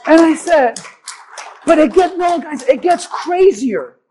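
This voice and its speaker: A man, a pastor, preaching a sermon and telling a personal story with animated delivery that builds to forceful exhortation. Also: extremely high pitch, takes it slowly, slight background noise, low-quality recording.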